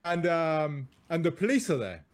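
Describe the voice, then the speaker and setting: High, lively male doctor telling stories. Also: moderate pace. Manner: animated, laughing storyteller. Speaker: doctor and podcast co-host. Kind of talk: casual chat, anecdotal storytelling.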